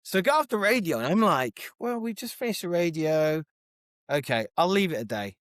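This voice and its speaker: A man co-hosting a podcast, telling animated, overexcited stories in casual chat. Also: a little high, moderate pace, no room sound, clean studio sound. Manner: animated storyteller, gets overexcited. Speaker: podcast co-host.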